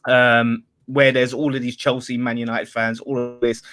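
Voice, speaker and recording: A young man, a guest chatting casually about football in a rambling, lively way. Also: medium pitch, normal speed. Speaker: podcast guest, football fan. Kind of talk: casual chat.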